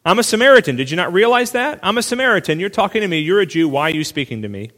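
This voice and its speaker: A man's voice: mid-range voice, expressive, rapid-fire, in a large hall, natural voice. A man voicing a skeptical woman at a well. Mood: challenging. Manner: argumentative, challenging questions.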